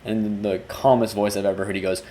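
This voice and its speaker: A man's voice: on the low side, little pitch movement, fast, mellow, a little hiss or hum. A man, a music video director, talking loosely through a breakdown of his work and restarting his sentences as he goes. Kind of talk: casual video breakdown commentary.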